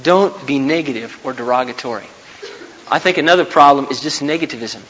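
A man's voice: medium pitch, a little fast, a bit bright, slight background noise. A man in his thirties preaching a sermon as a pastor, earnest and emphatic, repeating his key points. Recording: long hall reverb.

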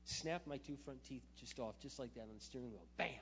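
A man, a pastor, preaching through a personal story, animated, with loud emphatic bursts and quiet asides. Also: medium pitch, brisk. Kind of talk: sermon storytelling. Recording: dull sound in a reverberant hall, faint hum.

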